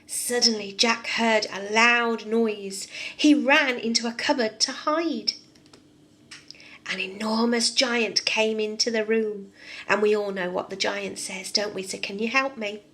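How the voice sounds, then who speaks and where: Slow, bright-voiced nursery teacher. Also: female voice, fairly high pitch. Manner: expressive, asks the children questions. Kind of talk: storybook read-aloud and lesson for young children.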